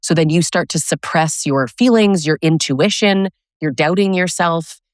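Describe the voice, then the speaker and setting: A woman's voice: low-pitched, a little slow, dry recording, clean studio sound. A woman podcast host speaking emphatically from personal experience in a casual interview.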